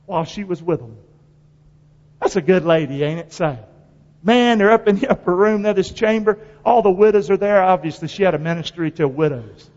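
A man's voice: sits high, fairly quick, darkish tone, in a large hall, lo-fi sound. A man preaching a sermon in a church, emphatic and full of call-and-response. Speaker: pastor. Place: church sanctuary.

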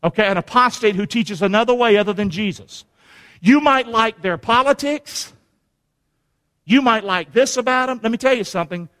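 A man's voice: high voice, normal speed, a bit bright. A man preaching a sermon in a church, emphatic and calling on the congregation to repeat lines after him. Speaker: pastor. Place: church sanctuary. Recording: long reverb of a church hall.

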